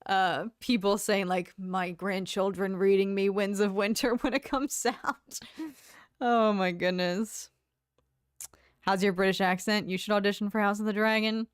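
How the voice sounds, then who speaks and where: A young woman chats through her livestream, reading comments aloud in a bubbly, talkative way. Her voice is smooth and clear, sitting at a middle pitch for a woman. The sound is dry and close, with no room around it. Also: fairly even intonation, measured pace, no room sound. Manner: chatty, bubbly, laughs often, hums filler tunes. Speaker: livestream host. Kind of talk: casual chat reading live comments.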